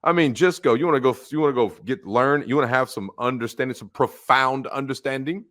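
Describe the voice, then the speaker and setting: A man preaching a blunt, mocking sermon, dropping to low mutters and jumping to loud outbursts. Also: brisk. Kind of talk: fiery street-style sermon.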